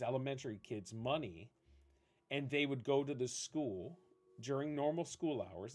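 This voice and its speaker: A man streaming a game chats casually with his viewers, enthusiastic and rambling, reading their questions out loud. His voice is mid-range and a little mellow.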